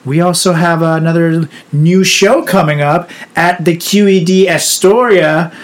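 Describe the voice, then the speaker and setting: High-voiced laid-back male podcaster. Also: fairly even intonation, unhurried. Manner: laid-back, swears freely. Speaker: podcast co-host. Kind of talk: casual podcast chat.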